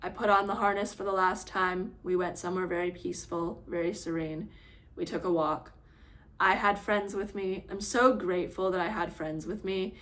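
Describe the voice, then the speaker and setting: Animated woman telling a personal story. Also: on the low side, moderate pace. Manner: animated, reenacts her own phone call with quoted voices. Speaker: vlogger. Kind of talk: casual storytelling to camera.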